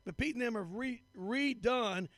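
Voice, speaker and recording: A hoarse man announcing and interviewing at a live powerlifting meet, upbeat and eager, affirming his guest often. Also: very high-pitched, moderate pace, a bit bright, dry recording.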